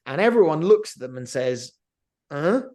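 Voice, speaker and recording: A man's voice: on the high side, moderate pace, vocal fry. A middle-aged man co-hosting a business podcast, talking animatedly and acting out quoted voices in a casual discussion. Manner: animated, acts out quotes of others. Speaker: podcast co-host.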